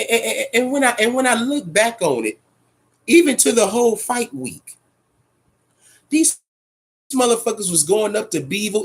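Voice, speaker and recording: Gravelly high-voiced man ranting about boxing. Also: a bit bright. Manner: profane, emphatic, repeats himself. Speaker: boxing talk show host. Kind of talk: casual boxing commentary rant.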